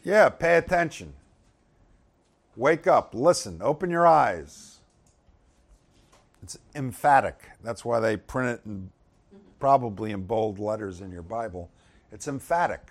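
A man's voice: medium pitch, animated, measured pace. A man leading a casual Bible teaching, talking conversationally and turning emphatic when he reads the verses aloud.

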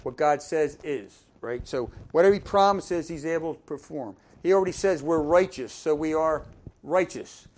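A man's voice: on the high side, moderate pace. Casual, folksy male preacher. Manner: conversational, folksy, fillers, asks congregation questions; loudness swings from emphatic to quiet asides. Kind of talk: informal sermon.

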